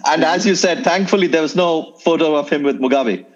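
A man's voice: a little high, a little fast. A man interviewing a guest, adding brief amused remarks. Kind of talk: casual chat. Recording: dull lo-fi audio with faint background noise.

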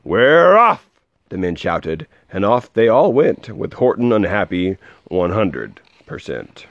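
A man reading a rhyming picture book aloud to a child, with a lively, sing-song delivery and soft asides. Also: sits low, unhurried, dry recording, muffled recording.

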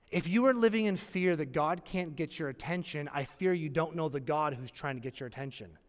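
A man preaching a sermon as pastor, with emphatic pauses and acted-out quotes. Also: fairly high pitch. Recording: long hall reverb.

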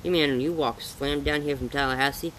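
A man's voice: medium pitch, steady tone, a little fast, a bit bright, slight background noise, voice pushed up, natural voice, poor audio. A man voicing a kind, practical frontier father who talks plainly and welcomingly.

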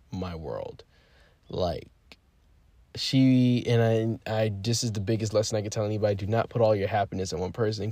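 A man's voice: on the low side, dry recording. Twenty-something guy rambling thru his life story, swears a lot, dry close sound. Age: 20s. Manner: rambling and candid, swears freely, swings from quiet to emphatic. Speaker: podcast host. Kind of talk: casual personal storytelling.

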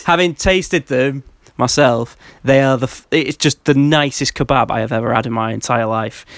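A man's voice: medium pitch, moderate pace, dry recording. Rambling man in casual chat. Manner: rambling, animated storytelling with many fillers.

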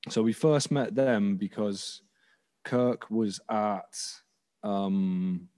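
A man talks in a low, dark and mellow voice. He rambles loosely through his story, restarting sentences and swearing casually as he chats on a podcast. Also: extremely slow. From England. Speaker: podcast guest musician. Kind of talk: casual chat.

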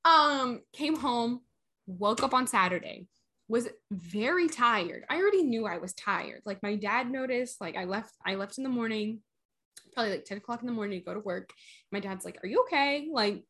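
A woman's voice: on the high side, expressive, normal speed, bright, forceful tone. A young woman chatting on a podcast, a little tipsy, rambling through a story and laughing often. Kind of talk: casual chat.

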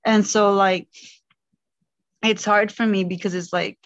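A woman's voice: mid-range voice, fairly even intonation, unhurried, no echo, muffled recording. A woman client opening up about family, rambling and hesitant with many fillers. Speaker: coaching client. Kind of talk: personal interview.

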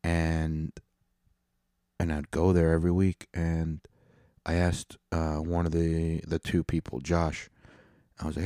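A man with a very deep, mellow voice rambles through a profane solo rant, often stopping to correct himself. The sound is dry and close, with no room around it. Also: steady tone, unhurried, pauses often, no echo. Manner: profane, rambling, self-interrupting. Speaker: stand-up comedian and podcast host.

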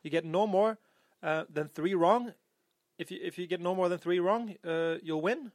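A man's voice: high-pitched, normal speed, no room sound, clean studio sound. A man hosting a podcast, chatting casually in a playful, teasing way. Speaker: podcast host.

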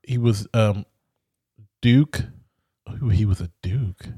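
A man co-hosting a podcast in casual chat, animated with dramatic storytelling. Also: fairly low pitch, takes it slowly, breathy edge, dry recording, studio quality. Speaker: podcast co-host.

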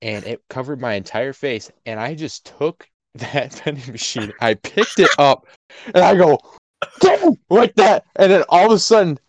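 A young man co-hosting a podcast, telling a school story in casual chat, animated and laughing. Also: mid-range voice, normal speed, no room sound. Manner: animated, laughing, swings loud and quiet. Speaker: podcast co-host.

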